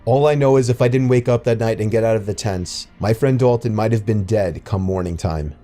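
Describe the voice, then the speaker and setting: Low, mellow male horror narrator. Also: fairly quick, soft background music. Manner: steady, even storytelling delivery. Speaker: story narrator. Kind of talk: scripted horror story narration.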